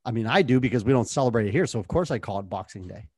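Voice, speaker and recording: A man's voice: mid-range voice, animated, rapid-fire, darkish tone, no echo. An American man co-hosting a sports podcast, chatting in a breezy, joking way. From United States. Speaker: podcast co-host. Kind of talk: casual sports podcast chat.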